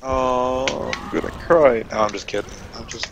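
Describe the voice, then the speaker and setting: A man's voice: mid-range voice, moderate pace, noisy background. A young man hosting a gaming session over voice chat, teasing his friends in a goofy, showman-like way. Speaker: gaming channel host. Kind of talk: joking voice chat while gaming.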